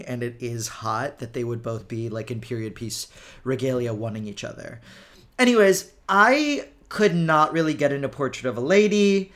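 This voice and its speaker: A young adult man hosting a podcast, chatting casually in campy, gushing rants about films and comics. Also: a bit bright. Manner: campy, gushing pop-culture rants with big pitch swings. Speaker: podcast host. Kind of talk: casual chat.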